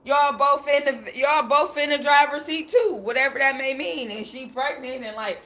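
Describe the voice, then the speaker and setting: A young woman hosting a livestream talks in a high, bright voice. She tells stories casually, with lots of slang, and laughs as she quotes herself. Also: steady tone, normal speed. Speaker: livestream host.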